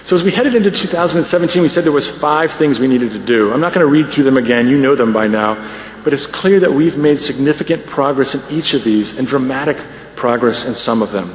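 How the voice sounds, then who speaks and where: Guy giving a conference talk, upbeat and measured, roomy echo, faint hiss. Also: mid-range voice, animated. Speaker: conference speaker. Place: large conference hall. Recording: echoey hall with faint noise.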